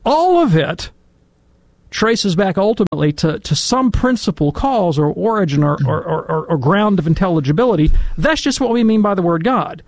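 A man's voice: sits high, lively intonation, moderate pace, no echo. A man answering listener questions on a Catholic radio call-in show, chatty and digressive, laughing at his own tangents. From Alabama, US. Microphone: studio microphone.

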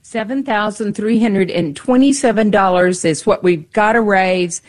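A woman's voice: medium pitch, normal speed, a little mellow. A woman co-hosting a radio pledge drive, chatty and encouraging, repeating the call-in number. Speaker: radio fundraiser co-host. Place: radio studio.

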